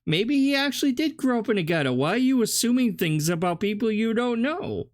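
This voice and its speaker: A man with a notably high voice mocks the clip he is reacting to. His sarcastic, combative commentary is laced with swearing. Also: expressive, a little fast. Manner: mocking, combative, swears a lot. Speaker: reaction channel host.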